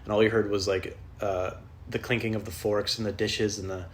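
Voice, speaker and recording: A man's voice: fairly low pitch, flat delivery, fairly quick. A man hosting a podcast, ranting casually on his own, rambling and swearing often, restarting his sentences as he goes. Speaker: podcast host. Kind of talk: casual solo rant.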